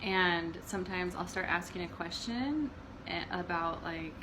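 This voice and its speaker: A woman's voice: lowish voice, measured pace. Laughing woman telling stories, noisy recording. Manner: animated storyteller, laughs often, acts out quotes. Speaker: co-host of a marriage channel. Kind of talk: casual chat.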